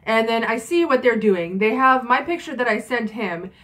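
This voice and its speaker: A woman's voice: fairly high pitch, lively intonation, moderate pace, fairly bright tone. A young woman in her twenties telling a story in a casual vlog, chatty and frank, with lots of fillers and swearing. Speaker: vlogger.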